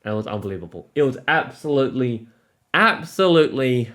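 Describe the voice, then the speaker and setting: A man's voice: mid-range voice, animated, measured pace, a bit bright. A man vlogging about a trip, gushing and out of breath, restarting his sentences often. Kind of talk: excited travel vlog.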